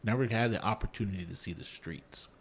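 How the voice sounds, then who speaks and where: A man in his fifties and a former medic, a podcast guest who tells relaxed anecdotes full of fillers. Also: fairly low pitch, brisk, creaky, slight background noise. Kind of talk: casual conversation.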